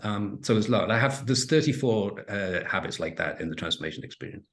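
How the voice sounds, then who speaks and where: A middle-aged man from England, a guest on a podcast interview, telling animated stories with many restarts. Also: fairly low pitch, fairly quick. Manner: animated storytelling with frequent restarts. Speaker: interview guest, entrepreneur and author.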